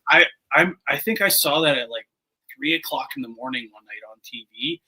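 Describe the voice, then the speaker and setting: Bright-voiced guest, halting speech. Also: male voice, fairly high pitch, very animated, slightly rough, rough recording. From Canada. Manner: friendly, halting, repeats words. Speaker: podcast guest. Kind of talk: casual chat.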